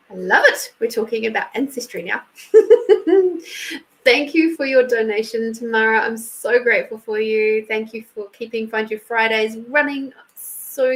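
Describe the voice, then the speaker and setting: A woman's voice: on the high side, a bit bright, low-quality recording. An Australian woman hosting a casual live stream, chatty and laughing often as she thanks viewers by name. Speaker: intuitive reader and live stream host.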